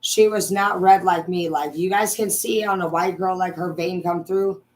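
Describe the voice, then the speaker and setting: A young adult woman from Washington state, angrily ranting to her viewers and swearing constantly, swinging between loud outbursts and low muttering. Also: steady tone, normal speed, poor audio. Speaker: vlogger. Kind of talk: profane ranting monologue.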